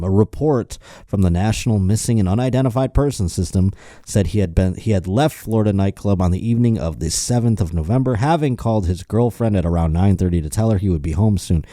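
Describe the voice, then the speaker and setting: A male podcast host riffing sardonically and profanely while reading news articles aloud, running low on energy. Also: dark tone, dry recording, studio quality. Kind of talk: casual comedic podcast chat.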